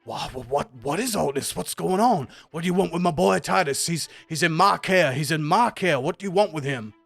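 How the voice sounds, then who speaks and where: A man voicing a panicked, stammering wrestling manager who shouts in a high voice. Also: expressive, a little fast, vocal fry, no echo, soft background music, full character voice. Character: panicked middle-aged male wrestling manager.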